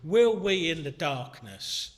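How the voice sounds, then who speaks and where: A man preaching a sermon in a church, earnest and conversational, ranging from hushed moments to shouting. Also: fairly high pitch, big pitch swings, slow pace, background noise. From Britain. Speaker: minister. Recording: long church reverb.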